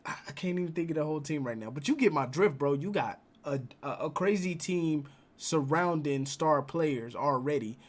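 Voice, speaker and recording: A man's voice: on the high side, normal speed, hardly any pauses. A young man hosting a reaction video, talking casually with slang and arguing his points. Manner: casual, uses slang like "bro", argues points.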